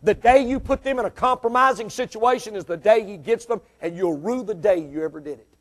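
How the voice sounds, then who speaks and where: Preacher guy, pretty high voice, calls out to the crowd, gets loud n emphatic. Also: a little fast. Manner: preaching with call and response, rising to loud emphatic peaks. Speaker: pastor. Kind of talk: sermon.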